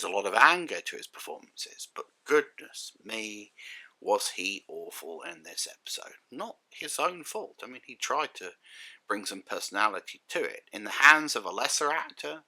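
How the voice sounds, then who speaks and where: A man's voice: medium pitch, animated, moderate pace, pushed and bright. A man giving a sardonic, exasperated spoken review, full of rhetorical questions. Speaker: critic and reviewer.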